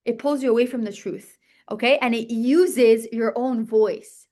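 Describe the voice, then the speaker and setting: A woman teaching a religious text class in a lively, chatty way, often checking in with "okay?" and "right?" and acting out inner voices. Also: on the high side. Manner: talks fast and restarts, acts out inner voices. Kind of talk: classroom lesson.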